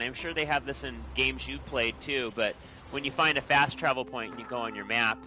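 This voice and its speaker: A man chatting excitedly to viewers while playing a video game. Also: medium pitch. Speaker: game streamer. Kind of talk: casual gameplay commentary.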